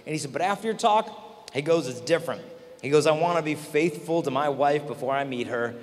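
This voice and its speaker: A man's voice: a little high, fast talker. A man telling stories to a large young audience at a conference, acting out the people he quotes. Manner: animated, acts out quoted voices. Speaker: conference speaker. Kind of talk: storytelling talk to a youth audience. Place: large convention hall. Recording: long hall reverb, faint noise.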